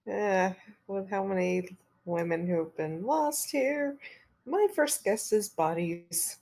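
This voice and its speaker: A woman plays in a tabletop game, talking hesitantly and warily. She fills her pauses with thoughtful murmurs, in a voice of middling pitch. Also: a little mellow. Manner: hesitant, wary, murmurs agreement. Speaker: player. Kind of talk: casual tabletop game chat.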